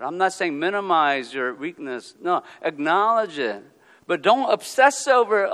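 A man preaches with a fairly high, bright and forceful voice. He swings between hushed asides and loud, emphatic lines. The sound rings with a long hall reverb. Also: a little slow. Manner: animated preaching, acting out quotes, swings from quiet to loud. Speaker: pastor. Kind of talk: sermon.

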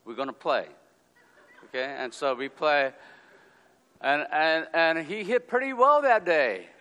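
A man giving a personal storytelling talk, speaking in deliberate, drawn-out phrases with pauses and checking in with "okay?". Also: fairly high pitch, lively intonation, bright, forceful tone, smooth. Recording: long hall reverb.

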